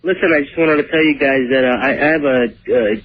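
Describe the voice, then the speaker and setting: Earnest caller on a tinny phone line. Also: male voice, mid-range voice. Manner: earnest, halting. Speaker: caller, pet store owner. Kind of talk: call-in radio.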